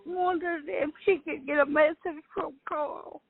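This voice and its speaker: A woman with a Southern US accent calls in to a radio show. She speaks haltingly, with fillers. Her voice comes over a dry, narrow phone line. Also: sits high, fairly even intonation, creaky, dry recording. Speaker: caller.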